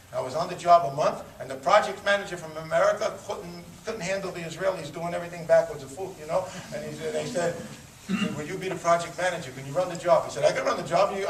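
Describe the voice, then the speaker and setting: A man in his fifties telling a personal story, animated and acting out the voices of people he quotes. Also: a little high, slight background noise. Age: 50s. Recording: roomy sound from far off, faint ambience.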